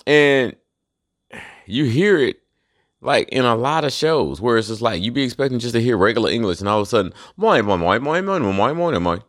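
A man hosts his own solo rant show, heated and full of profanity as he lays out conspiracies. His voice sits on the low side. The sound is dry, with no room around it. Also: no room sound. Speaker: host.

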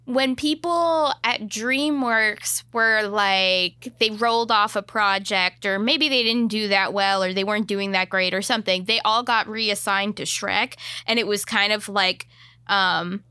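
A woman co-hosting a casual podcast chat, sharing fun facts and dropping dry, deadpan jokes. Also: medium pitch, unhurried, dry recording. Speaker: podcast co-host.

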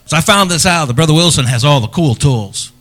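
A middle-aged man, a pastor, preaching a sermon in a church, earnest and personal, swinging from loud emphasis to hushed, near-whispered lines. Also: on the high side, lively intonation, fairly quick. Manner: earnest and personal, speaking to fathers.

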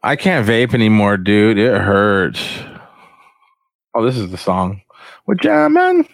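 A man's voice: lowish voice, slow, no echo. A man hosting a casual livestream chat, rambling in a profane, slangy, self-mocking way. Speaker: podcast host.

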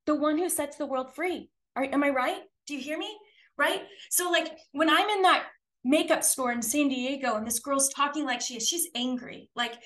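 Brief: woman podcast preacher, high bright voice, chatty testimony with earnest appeals. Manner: chatty storytelling, many "like"s, rhetorical questions; earnest exhortation. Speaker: podcast host and traveling preacher.

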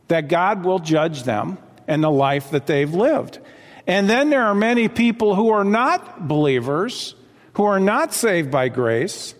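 A man's voice: sits high, in a large hall. A man preaching a sermon as pastor, earnest and conversational, often repeating phrases for emphasis.

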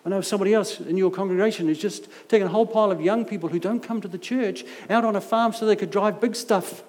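Middle-aged guy preaching, jokey storyteller, pretty high voice, long echo like a big church hall. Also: quick pace, darkish tone. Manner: humorous storytelling with self-mocking asides. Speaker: visiting preacher. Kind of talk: anecdotal sermon.

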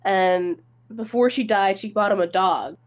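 A woman who is sick, retelling a movie's plot in a rambling, halting casual chat with slang. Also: mid-range voice, lo-fi sound. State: sick, coughing.

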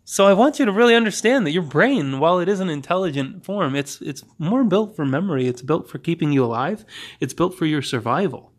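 A man hosting a podcast, telling a story in a monologue and acting out both sides of a conversation with quick restarts. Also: a little high. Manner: animated, reenacts dialogue with quick restarts. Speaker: podcast host.

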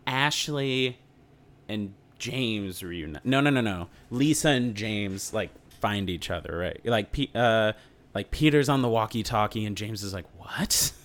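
A man's voice: lowish voice, measured pace, fairly bright tone. A man co-hosting a podcast, recapping a film in casual chat with dry, joking asides. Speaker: podcast co-host.

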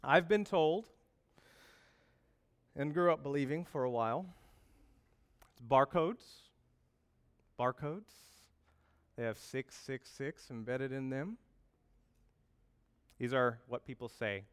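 A man preaching a lively sermon, telling a funny story with jokes and asides to the congregation. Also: mid-range voice, a little slow, long pauses, clear, resonant tone. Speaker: pastor.

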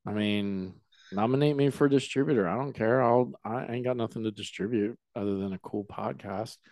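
A man hosting a casual podcast, relaxed and a bit mumbly, often trailing off. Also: fairly low pitch, moderate pace, no echo. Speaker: podcast host.

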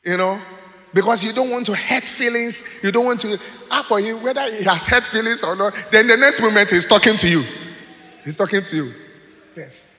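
A man preaching, telling stories in an animated way and laughing as he goes. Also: high voice, normal speed. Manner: animated, laughs while telling stories, acts out quoted voices. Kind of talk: sermon with storytelling. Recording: long hall reverb.

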